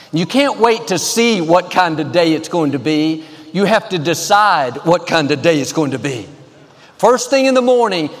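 A man's voice: high voice, in a large hall. A man preaching an upbeat, emphatic sermon as a pastor in a large church auditorium. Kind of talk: televised sermon.

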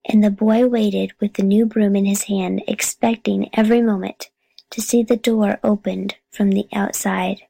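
A woman narrating a children's chapter book in a calm, steady reading voice. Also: mid-range voice, normal speed, vocal fry, no echo, poor audio. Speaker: audiobook reader. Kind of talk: storybook narration.

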